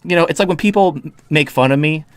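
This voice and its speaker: A man's voice: on the high side, fast, smooth, dry recording. A man hosting a podcast, ranting in a heated, profane, mocking way. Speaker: podcast host.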